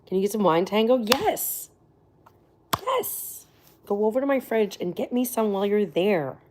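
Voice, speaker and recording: A woman's voice: medium pitch, very animated, moderate pace, background noise. A woman chatting casually with viewers on her livestream, laughing often and sometimes dropping to near whispers. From Florida. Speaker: livestream host.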